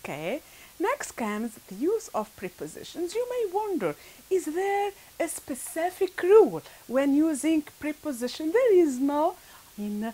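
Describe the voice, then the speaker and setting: A woman teaching grammar to her pupils. Her voice sits a little high and swings widely in pitch. She drives each point home by repeating words and tagging lines with "all right?". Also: very animated, a little slow, dark tone, low-quality recording. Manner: emphatic, repeats key words, frequent "all right" and "okay". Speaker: English teacher. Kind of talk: grammar lesson.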